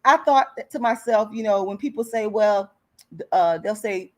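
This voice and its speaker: A woman's voice: mid-range voice, moderate pace. A woman with a slight lisp and a strained throat, giving earnest casual commentary to her livestream viewers. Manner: earnest, repetitive, addresses viewers as y'all. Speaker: commentary vlogger.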